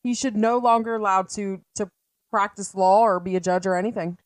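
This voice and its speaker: Female podcast co-host, mid-pitched and blunt, dry close-miked sound. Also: steady tone, brisk, dry recording. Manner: blunt and outspoken. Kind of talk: casual podcast chat.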